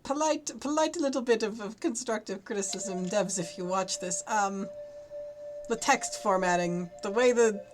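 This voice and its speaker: A woman's voice: mid-range voice, normal speed, background noise. A woman co-hosting a let's-play, chatting casually and picking at small details. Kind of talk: casual gameplay chat.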